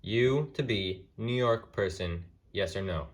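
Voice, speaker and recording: A man with a fairly low voice gives a casual lesson at a board. He explains each point step by step and slows right down for the example phrases. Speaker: language tutor. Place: room with a whiteboard.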